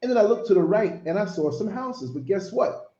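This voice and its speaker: A man in his fifties hosting a casual chat, telling stories in an animated way and laughing big. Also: high voice, a little fast. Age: 50s. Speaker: podcast host. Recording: lo-fi echoey call audio.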